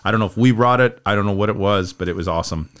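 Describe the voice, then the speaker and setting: A man's voice: lowish voice, rapid-fire, a bit bright, clear, resonant tone. A man co-hosting a casual podcast, talking in an easygoing, agreeable way. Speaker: podcast co-host.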